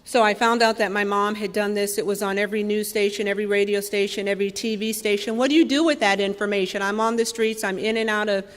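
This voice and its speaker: A woman in her thirties from Los Angeles, sharing her recovery story with wry candor, swelling loud and dropping soft. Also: medium pitch, fairly even intonation, fast talker, hardly any pauses. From Los Angeles, California. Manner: candid, wry, raw, with emphatic swells and soft drops. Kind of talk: personal recovery talk. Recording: long reverb from a hall.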